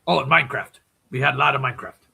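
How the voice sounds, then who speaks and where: On a podcast, a male guest with a raspy, gravelly voice that's bright and fairly high puts on a gruff dwarven brogue during casual chat. He's expressive, talks at a racing pace, and swears freely.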